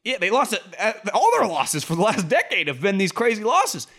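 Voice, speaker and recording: A man's voice: sits high, sing-song, a little fast, a bit bright, slightly rough. A man co-hosting a sports podcast, rambling in casual chat and jumping his voice up to quote people. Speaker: podcast co-host.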